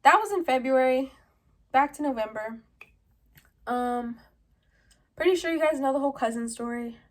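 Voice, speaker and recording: A woman's voice: high-pitched, moderate pace. A young adult woman vlogging from her home, telling a personal story in a rambling, casual way, full of "like" and "um". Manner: rambling, heavy use of "like" and "um", with short laughs.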